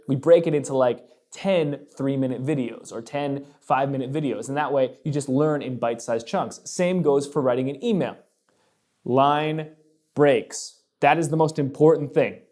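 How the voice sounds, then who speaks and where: A man's voice: fairly high pitch, mellow. A young adult man hosting a casual advice talk, upbeat and joking as he lists tips with emphasis. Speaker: host.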